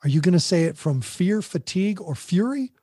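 A middle-aged man hosting a parenting podcast, talking in an animated way, often repeating words as he goes. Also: high-pitched, a little fast, slightly rough, no room sound, clean studio sound. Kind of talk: conversational podcast talk.

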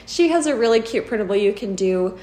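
A woman's voice: medium pitch, lively intonation, a little fast, mellow, echoey room. A young woman co-hosting a podcast, chatting casually about motherhood with lots of "like" and small laughs. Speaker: podcast co-host, mom. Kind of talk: casual chat.

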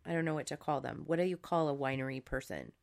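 Female podcast co-host, lower-pitched, chatty and reflective, feels her way to each word. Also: steady tone, quick pace, gravelly. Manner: musing, searching for words. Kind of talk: casual wine chat.

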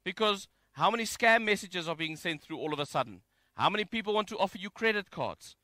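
Bright, high-voiced man preaching. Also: brisk, no echo. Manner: conversational, jokey and animated. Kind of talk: sermon. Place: home, during isolation.

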